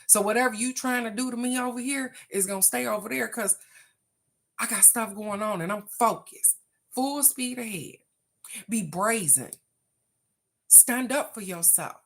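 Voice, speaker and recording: A woman's voice: on the high side, normal speed, gravelly, a bit bright. Encouraging woman reading oracle cards. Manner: encouraging, motivational, talks straight to viewers. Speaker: oracle card reader, livestream host. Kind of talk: casual live card reading.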